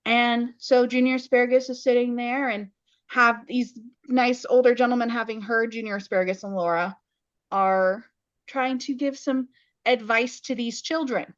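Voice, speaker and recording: A woman's voice: on the high side, steady tone, normal speed, dry recording. Woman podcast co-host, casual chat, wry plot recaps, dry close sound, muffled lo-fi audio.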